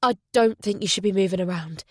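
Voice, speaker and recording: A woman reading a guarded, conflicted male detective in an audiobook, in a plain, measured voice. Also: medium pitch, a little mellow, no echo, clean studio sound, close to an everyday voice. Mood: tense.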